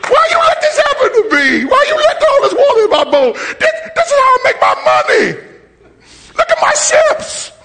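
A man acting out a panicking disciple who yells frantic complaints during a sermon. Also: wildly swooping pitch, moderate pace, a little hiss or hum, exaggerated voice. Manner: shrill frantic yelling complaints. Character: panicking grown male disciple, whiny and frantic.

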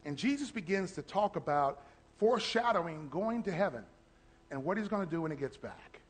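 Animated high-voiced man preaching. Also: brisk. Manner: animated, shouting and acting out quotes. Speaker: pastor. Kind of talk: sermon.

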